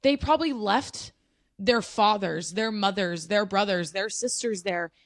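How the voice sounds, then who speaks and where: A podcast co-host speaks earnestly and with passion in casual chat, agreeing often. Her mid-range voice moves a little slowly, and the studio-quality recording has no echo.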